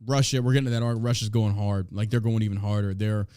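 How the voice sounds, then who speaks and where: A man's voice: on the low side, steady tone, fast, warm tone, clear, resonant tone, dry recording, clean studio sound. Blunt, profane man ranting. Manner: blunt and profane, reading news aloud and ranting. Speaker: podcast host. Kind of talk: casual podcast commentary.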